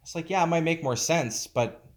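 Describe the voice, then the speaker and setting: With a somewhat high voice, a male pastor talks through his sermon casually but with emphasis. He regularly pauses, searching for words.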